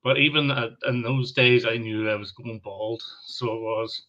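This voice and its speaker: A man's voice: mid-range voice, steady tone, normal speed, pushed and bright, muffled recording. A British man co-hosting a live stream, chatting casually and laughing often. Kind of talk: casual chat.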